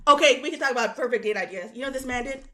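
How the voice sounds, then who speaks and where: Exasperated female caller, bright and on the higher side, chatty storyteller. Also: very fast. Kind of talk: casual chat on a call-in roast.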